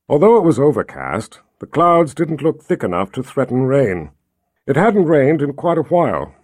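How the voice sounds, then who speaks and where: An expressive male audiobook narrator delivers scripted narration at a medium pitch. The recording is dry, with clean studio sound.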